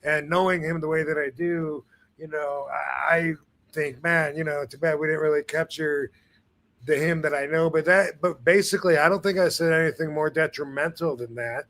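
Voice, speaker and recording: A man's voice: on the high side, steady tone, normal speed, fairly bright tone. A man hosting a live stream, talking in a laid-back, rambling way with many fillers and restarts. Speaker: show host. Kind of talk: casual live-stream chat.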